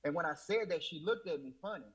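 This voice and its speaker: A man's voice: fairly high pitch, lively intonation, fast talker, a crowd in the background, low-quality recording. A man telling his personal faith testimony in an emotional, repetitive storytelling way, often quoting himself with "I said.". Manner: emotional, repeats "I said", Southern US Black church speech. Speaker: guest.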